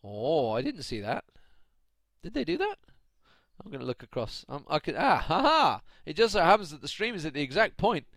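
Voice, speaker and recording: A man's voice: on the high side, wildly swooping pitch, normal speed, a bit bright, dry recording. A man from the UK, casting a match alone on a live stream, chatty, often laughing and ranting at his chat. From United Kingdom. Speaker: esports caster. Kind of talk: solo live stream commentary.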